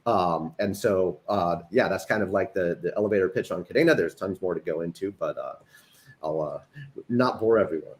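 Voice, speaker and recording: A man's voice: low-pitched, brisk. A man guest on an online panel, easygoing, explaining his work with many ums. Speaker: engineering director and panel guest. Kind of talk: casual pitch on a panel.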